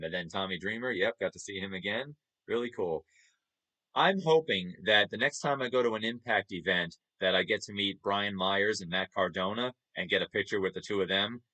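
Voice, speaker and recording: A man's voice: deep voice, normal speed, bright, forceful tone. Chuckling New man. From New York. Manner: chatty, chuckles often, upbeat. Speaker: streamer. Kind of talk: casual chat over photos.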